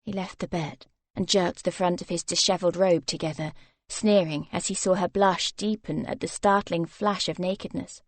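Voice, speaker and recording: A woman reading a romance novel aloud as narrator, soft and even in her storytelling. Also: lowish voice, normal speed, dry recording. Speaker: audiobook narrator.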